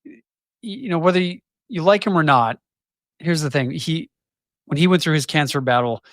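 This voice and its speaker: A man in his forties speaking candidly as an interview guest, reflective and halting, often restarting sentences. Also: on the high side, fairly bright tone, no room sound, studio quality. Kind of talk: candid conversation.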